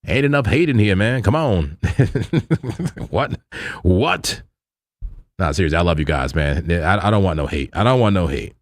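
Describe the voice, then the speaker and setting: A man's voice: low voice, lively intonation, normal speed, long pauses, no room sound, studio quality. A man hosting a crypto trading livestream, chatting loosely with viewers in slang, repeating himself and laughing often. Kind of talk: casual live-stream chat with viewers.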